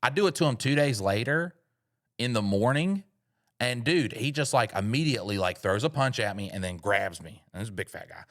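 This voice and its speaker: A medium-pitched man talks briskly as a podcast co-host, delivering a comedic story that wanders and is laced with swearing. His manner is profane, animated, and rambling.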